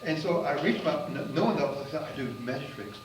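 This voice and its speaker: A man from the United States tells a story in a loose, rambling way, packed with fillers, and he gets animated and loud when the tale heats up. His voice sits a little high. He is recorded from a distance in a very echoey room with a faint hiss underneath. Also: fast. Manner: rambling, full of "you know" fillers, grows animated and loud at the exciting parts. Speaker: magician and comedian telling a travel story. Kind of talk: casual spoken storytelling. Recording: roomy and distant with faint noise.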